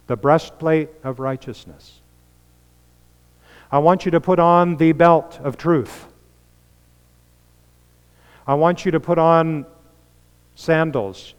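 A man delivers a sermon from the pulpit, his voice mid-pitched and earnest. He swells to emphatic peaks and then sinks to soft, quiet lines. The sound carries the long reverb of a large church hall. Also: clear, resonant tone. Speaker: pastor.

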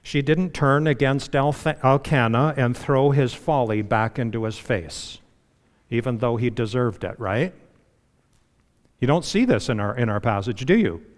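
A man preaching a sermon in a relaxed, conversational way, full of "you know"s and dropping to a hushed voice to stress a point. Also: mid-range voice, a little slow, big-room sound. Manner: conversational preaching with frequent you-knows, dropping to a hush for emphasis. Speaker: pastor.

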